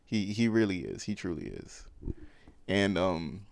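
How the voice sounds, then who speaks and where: A man's voice: low-pitched, lively intonation, a little slow, vocal fry, no echo. A man hosting a podcast, recapping a film in a loose, slangy way with lots of fillers and restarts. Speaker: podcast host. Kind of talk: casual movie recap.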